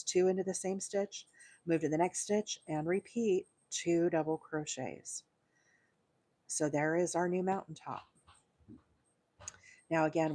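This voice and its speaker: A woman's voice: low-pitched, dark tone. Woman teaching crochet live. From Alabama, USA. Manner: patient step-by-step instruction, counting stitches aloud, frequent fillers. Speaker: crochet livestream host.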